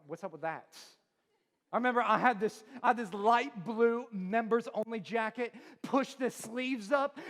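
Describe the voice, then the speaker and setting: Pastor, man, 40s, very high voice; playful crowd-work sermon, heavy hall reverb. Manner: joking, quizzes the crowd, laughs often. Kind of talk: humorous sermon intro. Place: large church auditorium. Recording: long reverb of a church hall.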